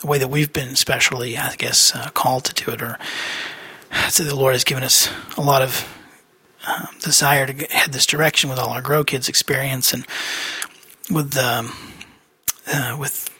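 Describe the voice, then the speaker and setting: A man's voice: medium pitch, fairly even intonation, normal speed, sharp tone, slightly rough, no room sound. A man hosting a podcast, giving a casual personal update in a rambling way with many fillers and restarts. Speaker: podcast host.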